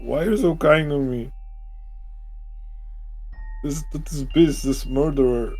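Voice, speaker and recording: A man's voice: a little high, sing-song, a little slow, faint music behind. A man doing a bitter, self-loathing beast. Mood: pained. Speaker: co-streamer voicing a character.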